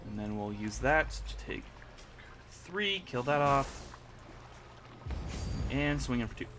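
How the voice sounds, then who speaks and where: A young man giving casual commentary while playing a card game, reacting with sudden high-pitched exclamations. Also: slow, background noise. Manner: animated, jumps into high squeaky exclamations. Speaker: gaming channel host.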